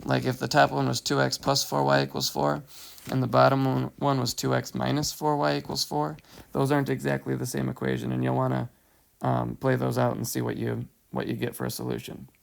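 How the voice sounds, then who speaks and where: A man's voice: mid-range voice, level tone, a little fast, creaky. A man teaching a whiteboard math lesson, patiently talking through each step and checking in with "right?". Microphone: headset or tablet mic, voice-over screencast.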